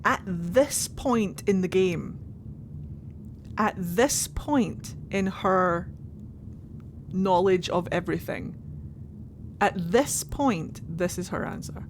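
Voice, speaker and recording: Woman streamer giving casual playthrough commentary, gushing, measured pace. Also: on the low side, slight background noise. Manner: excited, gushing, chatty.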